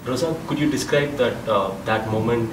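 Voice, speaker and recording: A man's voice: medium pitch, normal speed. A man interviewing film guests, asking questions with frequent hesitations. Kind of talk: press junket interview. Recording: roomy, distant, noisy.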